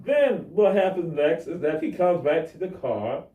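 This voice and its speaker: A man's voice: on the high side, sing-song, unhurried, narrow, tinny audio. A man animatedly retelling a traffic stop, acting out the dialogue, as a guest on a talk show. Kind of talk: animated storytelling. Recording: echoey room, mic at a distance.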